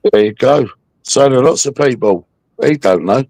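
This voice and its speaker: A man's voice: medium pitch, expressive, moderate pace, gravelly, a little mellow, no echo. A man hosting a livestream, taunting a viewer in a mocking, aggressive rant full of swearing. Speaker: livestream host.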